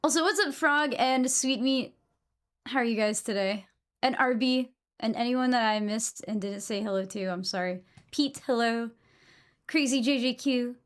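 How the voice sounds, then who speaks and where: A young woman from New England talks casually to her stream chat. Her voice sits a little on the high side, and her manner is blunt and opinionated, with plenty of swearing. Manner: chatty, blunt, swears freely.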